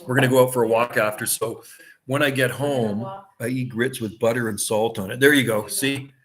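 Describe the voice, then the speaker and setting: A man's voice: medium pitch, fairly even intonation, fairly quick, a bit bright. A middle-aged man chatting casually on a livestream from a seaside vacation home, rambling and laughing often.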